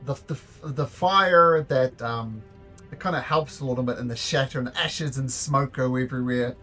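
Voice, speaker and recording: A man running a tabletop game as game master, narrating in a halting way with many fillers and repeated words. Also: medium pitch, bright, forceful tone, soft background music.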